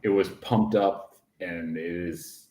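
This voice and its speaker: Slow, echoey-voiced man rambling. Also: low-pitched, fairly even intonation, mellow. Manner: rambling, emphatic, laughs often. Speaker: podcast co-host. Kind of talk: casual livestream chat.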